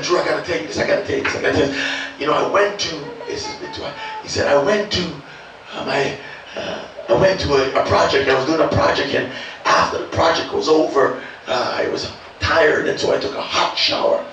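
A pastor preaching a sermon, calling out to the congregation and swinging from quiet storytelling to shouted peaks. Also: male voice, on the high side, slight background noise. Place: church sanctuary. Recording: echoey church hall, distant mic.

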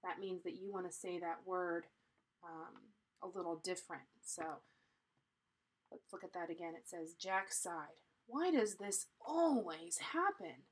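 Slow, teacherly woman storyteller. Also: on the low side, flat delivery, rough recording. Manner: slow, deliberate and teacherly, pausing to explain. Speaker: storybook reader. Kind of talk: reading a children's chapter book aloud.

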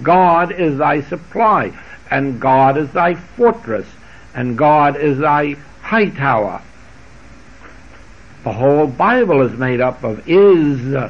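A man delivers a spiritual lecture at a very slow, measured pace, his voice sitting fairly high for a man. He dwells on scripture phrases and repeats them with shifting emphasis. The sound is dull and lo-fi, like an old archival tape. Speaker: spiritual teacher.

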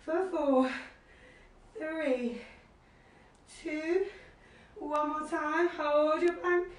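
A high-voiced woman fitness instructor teaches a live workout class from her living room, breathless and drawing out her words as she encouragingly cues moves and counts reps. She is far from the mic in a very echoey room, heard over a low-quality stream.

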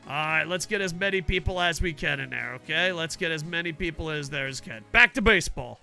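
A man streaming a video game, chatting to viewers in excitable, profane, jokey banter. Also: fairly high pitch, fairly quick, vocal fry, soft background music. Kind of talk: casual game streaming commentary.

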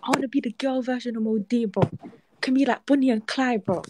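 High-voiced eighteen-year-old girl gushing. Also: brisk, background noise. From Iraq. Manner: gushing, copying street slang. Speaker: caller. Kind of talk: call-in on a livestream.

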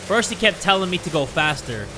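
A young man giving let's play commentary on a horror game, joking around and yelling in excitable panic. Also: sits high, a little fast, noisy background. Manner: excitable, jokey, yells in panic. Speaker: gaming YouTuber.

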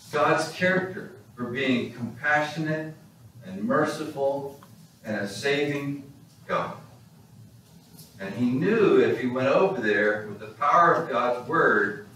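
A male pastor preaching a sermon in a church, animated and storytelling. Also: medium pitch, slight background noise. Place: church sanctuary. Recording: echoey hall, distant mic.

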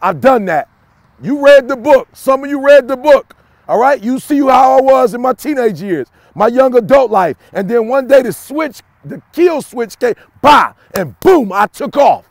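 A young adult man giving a preachy, repetitive motivational talk to camera, swinging from shouts to low confiding tones. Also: expressive, unhurried, dry recording. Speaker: motivational speaker.

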